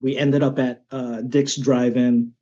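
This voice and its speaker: A man's voice: medium pitch, little pitch movement, a little slow, warm tone, lo-fi sound. A man telling stories as a podcast guest, chatty and casual, often tagging his sentences with "right?". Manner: chatty, with frequent "um" and "right?" tags. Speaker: martial arts instructor, guest. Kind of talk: conversational storytelling.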